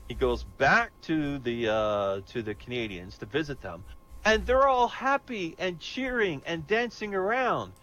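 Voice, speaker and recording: A man's voice: on the high side, lively intonation, a little slow, a bit bright, low-quality recording. A man hosting an online comedy show, telling jokes and acting out the characters in them.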